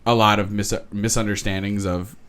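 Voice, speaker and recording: A man's voice: lowish voice, flat delivery, normal speed, fairly bright tone, smooth. A man co-hosting a podcast in casual chat, rambling loosely and swearing offhandedly. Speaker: podcast co-host.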